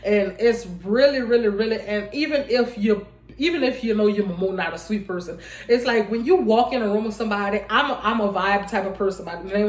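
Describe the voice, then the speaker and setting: Young woman vlogger, mid pitch, loose rambling delivery to camera, roomy echo. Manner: rambling, restarts often, addresses viewers as y'all. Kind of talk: casual heartfelt vlog talk.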